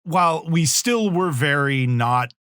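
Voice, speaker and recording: A man's voice: on the high side, takes it slowly, clean tone, no room sound. Chatty man reviewing a film, dry sound. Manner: rambling, self-interrupting, animated asides. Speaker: podcast co-host. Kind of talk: casual movie review chat.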